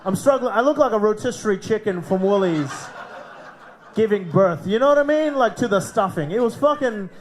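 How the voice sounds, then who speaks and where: A man's voice: high-pitched, animated, a little fast, a little hiss or hum. An Australian man hosting a live comedy night and doing crude stand-up, swearing and laughing at his own jokes. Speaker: comedy show host and comic. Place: live comedy club stage.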